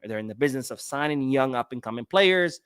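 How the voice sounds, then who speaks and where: Guy chatting on a livestream, rambly, says stuff twice, mid pitch, no room echo. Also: animated, fairly quick, a bit bright, clear, resonant tone, clean studio sound. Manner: rambling, repeats words, answers chat comments. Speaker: podcast host reading live chat. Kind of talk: casual livestream chat.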